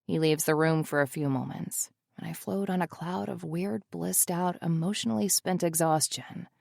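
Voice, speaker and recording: A woman's voice: on the low side, moderate pace, gravelly, a little mellow, dry recording. A woman narrating a first-person romance audiobook in an intimate, emotional way on a close studio mic.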